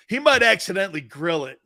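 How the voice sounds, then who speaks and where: A brash man hosting a sports talk show. He rambles loudly from one gripe to the next and breaks into laughter. His slightly high voice rises and falls in big, lively swings.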